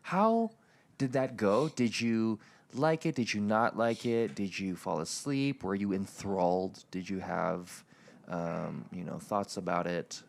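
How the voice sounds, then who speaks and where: A man's voice: on the low side, unhurried, creaky. A man in his thirties hosting a casual podcast, hesitant with many fillers as he asks questions. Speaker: podcast host. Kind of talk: casual chat.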